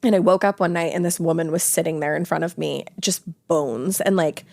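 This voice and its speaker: Woman in her thirties, lowish voice, dry close sound, loose chatty storytelling. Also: brisk, creaky, dry recording. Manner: relaxed, filler-heavy storytelling. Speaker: podcast co-host. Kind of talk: casual chat.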